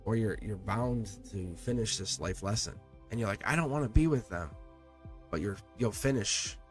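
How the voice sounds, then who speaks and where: A man's voice: on the low side, moderate pace, soft background music. A man reading tarot on a live stream. He talks to his viewers in an earnest, encouraging way, repeats words and restarts his sentences, and swears now and then.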